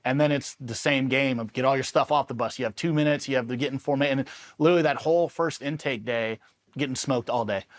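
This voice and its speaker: A man from Los Angeles, a former Army Ranger, telling war stories in a casual, animated interview and swearing freely as he acts out the people he quotes. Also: medium pitch, quick pace. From Los Angeles, USA. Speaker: Army Ranger veteran guest.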